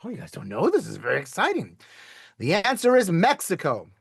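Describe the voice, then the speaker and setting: Playful, lively male online teacher. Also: sits high, brisk, creaky, husky, no room sound, studio quality. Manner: playful, chatty, asks students to type in the chat. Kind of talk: live online class for kids.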